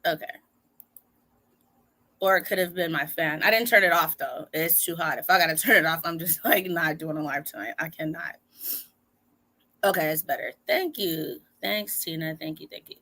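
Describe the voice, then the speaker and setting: A woman's voice: low-pitched, moderate pace, sharp tone, low-quality recording. A young woman hosting a casual live stream chat, talking loosely to her viewers and fiddling with her mic. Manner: chatty, fixing mic mid-stream.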